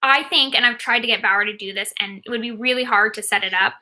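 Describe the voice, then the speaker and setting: A woman's voice: on the high side, quick pace, pushed and bright. A woman in her thirties, a sports agent, casually answering viewer questions while watching a game, with many ums and likes.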